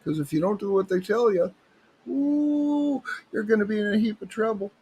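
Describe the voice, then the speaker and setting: A man voicing a folksy rural local warning about a bug, with a high drawling Southern Ontario accent and an ominous manner. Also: lively intonation, moderate pace, mellow, slightly rough, full character voice, poor audio. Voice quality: high, drawling, sing-song.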